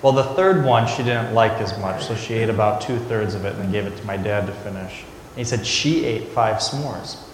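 Low-voiced priest in an echoey church. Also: male voice, normal speed, hardly any pauses, noisy background. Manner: storytelling, conversational, folksy. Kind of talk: homily. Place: large church. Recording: echoey church recorded from afar.

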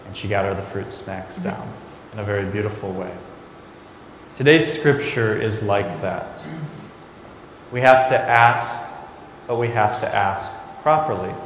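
Male priest, homily, conversational storyteller; low voice, distant mic in a roomy church with ambient noise. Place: large church. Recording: echoey church recorded from afar.

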